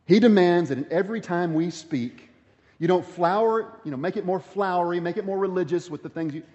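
A man's voice: high voice, darkish tone, in a large hall, dull audio. A pastor giving a sermon, reading scripture aloud and stressing his points through repetition.

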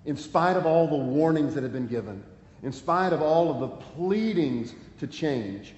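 A man's voice: a little high, animated, a little slow, darkish tone. A man preaching a sermon, earnest and pleading, reading scripture aloud with emphasis. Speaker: pastor. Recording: echoey hall, dull lo-fi sound, faint ambience.

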